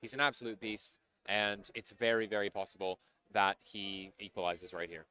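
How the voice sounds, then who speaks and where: A man casting a live strategy game match, giving excitable, analytical play-by-play. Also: fairly low pitch, moderate pace. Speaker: esports caster.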